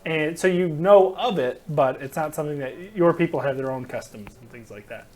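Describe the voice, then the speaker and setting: A man with a fairly high voice narrates a tabletop game as its game master. He rambles through descriptions with frequent fillers and breaks into laughs. He is recorded in a game store. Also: moderate pace, darkish tone.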